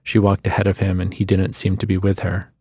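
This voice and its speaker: A man reading a literary short story aloud in a measured storytelling manner, on a studio microphone. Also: low voice, completely flat delivery, warm tone, breathy edge, dry recording. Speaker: guest reader.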